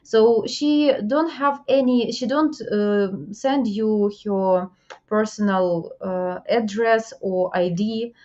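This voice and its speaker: A woman hosting an interview, speaking halting with many fillers as she gives advice. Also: mid-range voice, mellow, highs cut off. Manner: halting non-native English, frequent fillers, advising. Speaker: host. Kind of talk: interview about dating scams.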